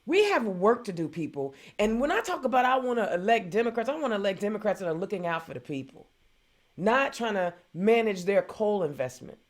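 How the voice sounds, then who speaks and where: A woman's voice: medium pitch, animated, brisk. A woman from hosting a political talk show, delivering an impassioned, indignant rant that repeats phrases for emphasis. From Indiana.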